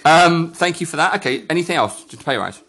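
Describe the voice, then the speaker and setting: A man's voice: a little high, expressive, fast, sharp tone, a little hiss or hum. A young man hosting a podcast in casual chat, joking and teasing his guest, often poking fun at himself. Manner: joking, self-mocking, teasing. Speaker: podcast host.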